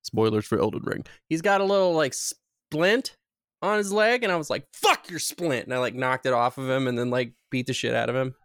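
A woman co-hosting a casual podcast from home, excitable and swearing freely, a little out of breath. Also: very deep voice, fairly quick, clear, resonant tone. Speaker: podcast co-host. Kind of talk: casual chat.

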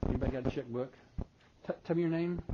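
Older male seminar speaker, folksy storyteller, loud bursts then soft asides; dull live recording. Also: mid-range voice, fast, very noisy. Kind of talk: live seminar talk with audience questions.

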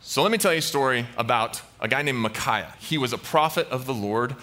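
Bright-voiced man telling a sermon story. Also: mid-range voice, brisk. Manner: playful, acts out characters with goofy voices. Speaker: preacher.

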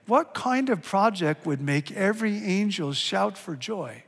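A middle-aged man preaching a sermon as a pastor, animated and swinging from hushed to loud and emphatic. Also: sits high, measured pace, gravelly. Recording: long hall reverb.

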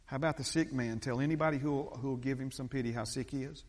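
A man's voice: steady tone, fast. Man preaching in a reverberant church. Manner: emphatic preaching with big swings in pitch and loudness. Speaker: pastor. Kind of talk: sermon.

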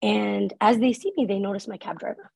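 Gravelly, husky woman giving an earnest talk. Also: medium pitch, brisk, a little mellow, no room sound, poor audio. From Canada. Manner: earnest, conversational, frequent "like" and "right?". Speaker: speaker on workplace inclusion. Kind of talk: live talk with a personal story.

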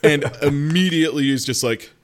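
A man chatting casually as a podcast co-host, retelling scenes and acting out characters' lines in quick voices. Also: on the high side. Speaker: podcast co-host recapping an anime. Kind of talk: casual chat.

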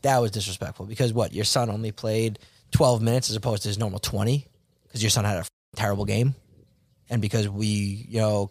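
A man who coaches basketball and teaches, telling a story in a casual podcast chat, animated and slangy, with some mild swearing. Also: lowish voice, no room sound, studio quality.

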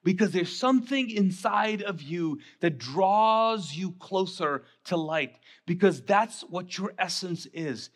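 High-voiced man preaching a lively sermon. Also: takes it slowly, few pauses. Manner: animated, conversational preaching with acted-out asides. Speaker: pastor. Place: church sanctuary.

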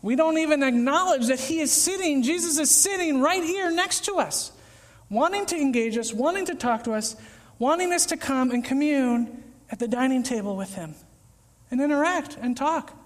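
A man preaching a casual, conversational sermon, acting out little scenes with sudden shouts and whispers. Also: extremely high pitch, expressive, moderate pace. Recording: echoey hall with long reverb.

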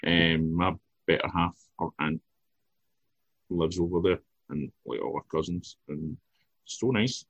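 Gravelly low-voiced Scottish man. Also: measured pace, no room sound, lo-fi sound. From Scotland. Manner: easygoing, chatty, repeats words when starting. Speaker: podcast host. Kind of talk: casual chat.

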